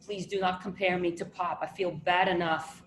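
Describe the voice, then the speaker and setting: A woman's voice: lowish voice, fairly even intonation, moderate pace, lightly acted. A woman playing a bossy, tense grieving sister. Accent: New Jersey. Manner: clipped, bossy and exasperated. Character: tense, prim grieving eldest sister, middle-aged. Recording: roomy echo, faint noise.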